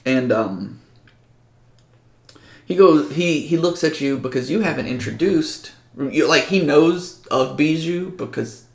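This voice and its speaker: A man's voice: fairly high pitch, lively intonation, unhurried, vocal fry. A man running a tabletop game as game master, talking casually with fillers and restarts. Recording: echoey room.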